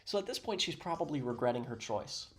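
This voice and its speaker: Man, sarcastic, mock-serious, commenting on a clip, middle pitch. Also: animated, fast. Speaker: reaction commentator.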